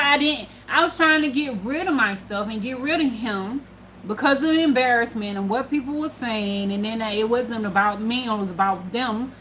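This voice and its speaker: Animated, profane woman telling a story. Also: high-pitched, a little hiss or hum. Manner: animated and profane, swinging between hushed and loud. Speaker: spiritual channel host. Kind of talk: casual storytelling monologue.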